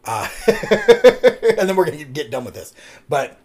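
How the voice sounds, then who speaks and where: A man co-hosting a casual podcast chat, rambling through a personal story and swearing freely. His pitch swings up and down a lot as he tells it. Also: sing-song, unhurried, a little mellow. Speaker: podcast co-host.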